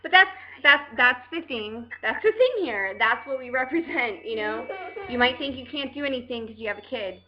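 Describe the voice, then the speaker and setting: A woman's voice: on the high side, lively intonation, moderate pace, lo-fi sound. A woman hosting a casual live video chat, talking frankly and rambling straight to her viewers. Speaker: host.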